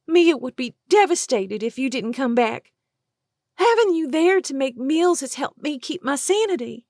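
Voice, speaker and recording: Audiobook: woman voicing frantic wife, squeaky and high, pleading. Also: expressive, a little slow, a little mellow, dry recording, clean studio sound. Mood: desperate. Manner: pleading, breathless. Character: frantic pleading young wife caught cheating. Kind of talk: audiobook character voice.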